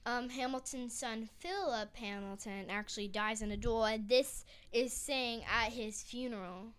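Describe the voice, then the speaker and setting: A woman talks into a desk microphone in a casual chat, her voice set a little high and ringing clean. She is excitable and emotional, tripping over her words as she goes. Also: unhurried, clear, resonant tone. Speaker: podcast co-host. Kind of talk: casual chat about a musical.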